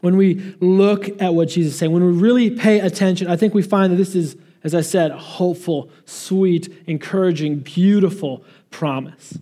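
A man preaching a sermon, earnest and emphatic, slowing down to stress key phrases. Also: sits high, mellow. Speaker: pastor.

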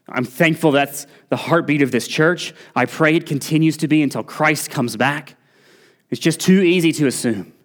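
A man preaching a sermon as pastor in a church, earnest and pressing, lifting his voice on key points. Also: a little high. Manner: earnest preaching, rising emphasis on key points, occasional restarts. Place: church sanctuary.

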